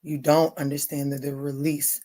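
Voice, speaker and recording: A woman's voice: low voice, flat delivery, moderate pace, mellow. A woman hosting a late-night tarot livestream, chatting casually and bluntly with viewers, greeting them by name and swearing freely.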